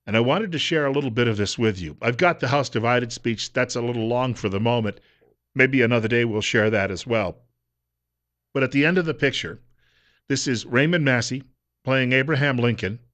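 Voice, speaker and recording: A man's voice: medium pitch, fairly bright tone. A male radio talk host in casual commentary, talking conversationally with frequent fillers and restarts.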